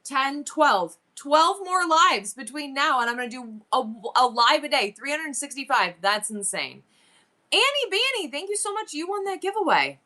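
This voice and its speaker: A bright, fairly high woman's voice, chatting live to her viewers. She is excitable and exclaims a lot, her pitch jumping around as she thinks aloud. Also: moderate pace, hardly any pauses. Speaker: live-selling streamer. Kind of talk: casual live-stream chat to viewers.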